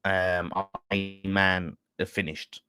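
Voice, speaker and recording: A man's voice: low-pitched, level tone, takes it slowly, pushed and bright, smooth, no room sound, clean studio sound. A man hosting a fan channel, chatting casually about football and reading out viewer messages. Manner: chatty, laughing, banter with co-host. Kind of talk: casual chat.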